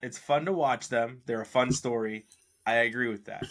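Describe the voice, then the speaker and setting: A man co-hosts a casual sports podcast and argues his side in a skeptical, teasing way. His voice is bright and forceful, and he laughs often between points. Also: mid-range voice, normal speed. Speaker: podcast co-host.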